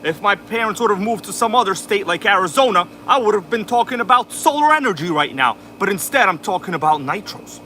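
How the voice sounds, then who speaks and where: Here the Queens-born host talks a little fast and animated, barely pausing, his high voice bright and forceful over slight background noise. With his New York accent, he welcomes viewers by name in a hyped, exaggerated announcer manner during a casual RC livestream, an air conditioner humming indoors.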